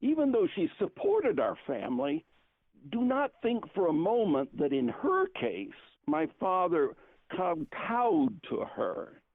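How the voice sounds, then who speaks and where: Older man, rambling family storyteller, gravelly, lively pitch, tinny dry phone line. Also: takes it slowly, no echo. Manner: rambling storyteller, repeats himself, laughs often. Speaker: uncle telling family stories. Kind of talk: casual family phone call.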